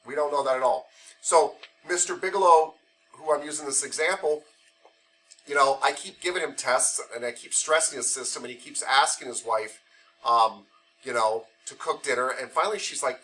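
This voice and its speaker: A man lectures a classroom of massage therapy students, easygoing and conversational, building his point through playful hypothetical stories. His voice is bright and forceful, sitting at an ordinary pitch. He sounds a little distant from the microphone. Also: normal speed, a little hiss or hum.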